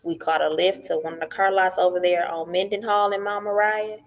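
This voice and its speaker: On the podcast, a middle-aged woman recounts her story in brisk, casual, animated speech, performing others' lines. Her voice is on the low side, with a little hiss or hum in the recording.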